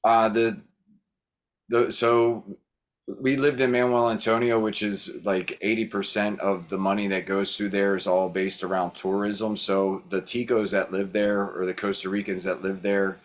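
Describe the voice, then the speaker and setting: A man's voice: on the low side, little pitch movement, moderate pace. A man chatting casually on a video call, rambling and hesitant with frequent restarts. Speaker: workshop host.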